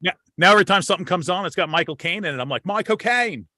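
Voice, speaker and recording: A slightly high-voiced American man hosts a relaxed conversation, circling back and repeating himself as he works toward a point. His voice sounds dry and close to the mic. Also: racing, no echo. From United States. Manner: rambling, repeats words when starting. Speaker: podcast host. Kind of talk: casual chat.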